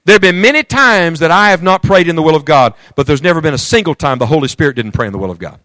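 A man preaching a sermon, moving between loud emphatic declarations and hushed, intimate storytelling, reading scripture aloud in old-fashioned wording. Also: on the high side, lively intonation, quick pace, no room sound. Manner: reads scripture aloud in King James wording.

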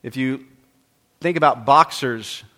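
A man preaching a sermon, reading scripture aloud and acting out the quoted exchanges with rising fervor, then dropping to a quiet, conversational tone for an illustration. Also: mid-range voice, slow.

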